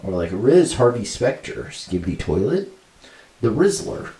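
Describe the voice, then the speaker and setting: A man's voice: mid-range voice, big pitch swings, unhurried, dark tone, distant mic. A young man co-hosting a podcast in casual chat, rambling with lots of fillers and laughing easily. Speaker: podcast co-host. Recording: roomy sound from off mic.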